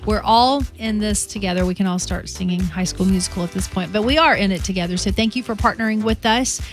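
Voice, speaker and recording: A woman's voice: medium pitch, fast talker, soft background music. A woman from the American South with a Southern accent, co-hosting a radio fundraiser, laughing easily and saying y'all. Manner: warm, laughs often, uses y'all. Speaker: radio co-host.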